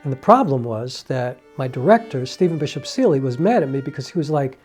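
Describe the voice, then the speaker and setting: A man's voice: medium pitch, expressive, fairly quick, darkish tone, faint music behind. A man, an independent filmmaker and playwright, talking earnestly and from the heart to the camera, full of "you know" fillers. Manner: acts out quoted dialogue with raised voice. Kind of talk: reflective monologue to camera.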